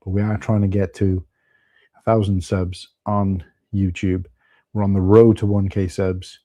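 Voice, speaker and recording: A man's voice: on the low side, dark tone, no room sound. A man with a Welsh accent hosting a casual live stream, chatting loosely and greeting viewers by name. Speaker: livestream host. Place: at home.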